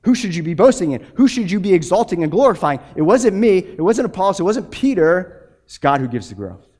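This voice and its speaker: A man in his thirties preaching a sermon as a pastor, animated, often repeating words and acting out quotes. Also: high voice, fairly quick, slightly rough.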